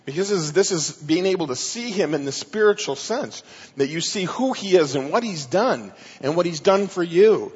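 A male pastor delivers an emphatic sermon, explaining scripture verse by verse. His voice sits a little high and carries a husky, breathy grain. The sound is dull and muffled, with a long echo trailing through a large hall. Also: expressive, moderate pace. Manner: emphatic verse-by-verse Bible teaching.

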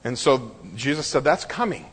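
A man preaching a sermon, pausing for effect and voicing the quotes he reads. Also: mid-range voice, animated, a bit bright, husky, big-room sound. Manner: preaching with dramatic pauses and voiced quotes. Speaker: pastor.

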